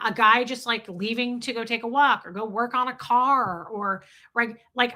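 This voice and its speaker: A woman's voice: fairly high pitch, bright, forceful tone. A woman hosting a casual livestream, answering viewers in a candid, blunt way and swearing freely. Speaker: livestream host.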